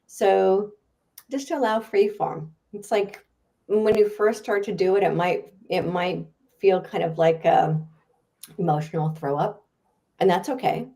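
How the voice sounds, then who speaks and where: Woman, podcast guest, mellow dark voice, chatty and animated. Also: medium pitch, unhurried. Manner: chatty, animated, laughs often. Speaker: guest author and speaker. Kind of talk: podcast interview answer.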